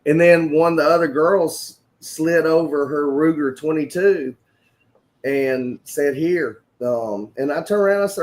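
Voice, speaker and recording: A man's voice: a little high, measured pace, a little mellow. A man telling rambling stories in a casual chat, laughing as he goes. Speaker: regular on a morning chat show.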